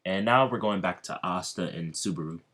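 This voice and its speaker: A man narrates a fan-made story in a loose, rambling way, stumbling over words and restarting often. His voice sits deep and low. It sounds off the cuff rather than scripted. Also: a bit bright. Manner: rambling, halting, many fillers and restarts. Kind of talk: casual fan-fiction narration.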